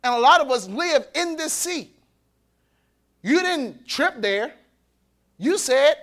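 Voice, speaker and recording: A male pastor preaching an animated, colloquial sermon, acting out the voices he quotes and laughing between points. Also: extremely high pitch, takes it slowly, pauses often. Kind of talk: sermon at a men's conference.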